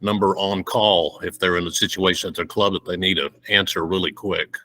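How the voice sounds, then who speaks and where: Deep, bright-toned man chiming in. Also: steady tone, brisk.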